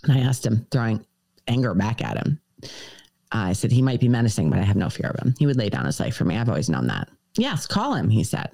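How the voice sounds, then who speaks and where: Woman telling a story, lively pitch. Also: fast talker, gravelly, no echo. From United States. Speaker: podcast guest. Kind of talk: storytelling on a podcast.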